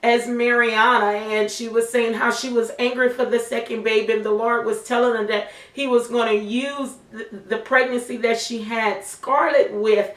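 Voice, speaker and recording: Earnest mother with a high voice, roomy and distant. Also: steady tone, moderate pace, few pauses. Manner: emotional, earnest, faith-filled. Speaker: mother sharing testimony. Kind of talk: personal testimony chat. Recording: roomy sound from a distant mic.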